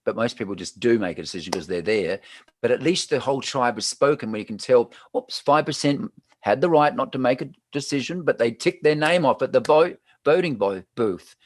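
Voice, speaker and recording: A man's voice: mid-range voice, expressive, a little fast, dry recording. A man from Australia with an Australian accent, hosting a chatty, joking live talk show after a panel. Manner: chatty, jokey, laughs often. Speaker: host. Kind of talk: casual livestream chat.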